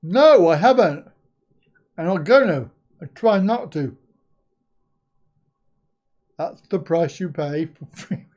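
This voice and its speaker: An older man chats slowly and easily on a live stream, his pitch bouncing up and down. He reads out viewer comments, drops in casual swearing and laughs a lot. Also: animated, a little mellow, dull audio.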